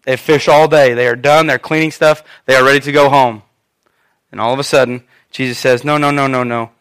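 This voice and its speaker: In a brisk, mid-range voice with a clean tone, a male pastor delivers a sermon as animated, conversational storytelling.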